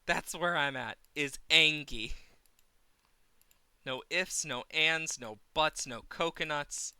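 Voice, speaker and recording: Bright, slow-talking man streaming a game. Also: fairly high pitch, clean tone, no echo. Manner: exasperated, swearing at the game, counting under his breath. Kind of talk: live gameplay commentary.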